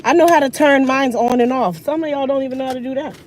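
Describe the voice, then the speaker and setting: A woman in her thirties ranting casually while getting ready, sassy and animated, talking with food in her mouth. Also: high-pitched, fast, slight background noise. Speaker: hair care vlogger.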